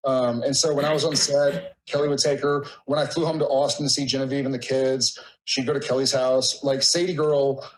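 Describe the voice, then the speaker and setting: A man's voice: mid-range voice, little pitch movement, brisk, few pauses, low-quality recording. A man in his thirties, a podcast guest, telling a rambling, emotional story in casual conversation.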